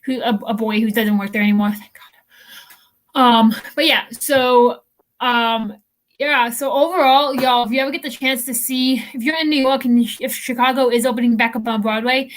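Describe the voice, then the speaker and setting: A young woman talks in a loose, rambling way, full of ums and restarts. Her voice sits a little high. She sounds like a co-host in a relaxed chat. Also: moderate pace. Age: young adult. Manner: rambling, many fillers and restarts. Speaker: podcast co-host. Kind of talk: casual chat.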